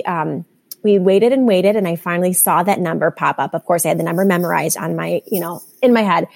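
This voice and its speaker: Candid mom telling her story. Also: medium pitch. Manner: candid storytelling, animated retelling. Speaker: podcast guest, mother. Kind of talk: casual chat.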